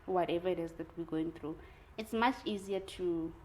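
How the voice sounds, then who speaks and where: A woman's voice: lowish voice, moderate pace, slight background noise, rough recording. Candid young woman in casual conversation. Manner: candid, animated storytelling, laughs often. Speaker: guest.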